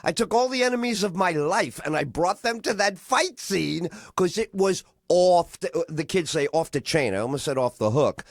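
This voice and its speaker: A male radio host chatting casually and rambling through his stories. His slightly high voice jumps up and down a lot. The studio sound is dry and close. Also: moderate pace, hardly any pauses, no echo. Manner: animated, rambling storyteller.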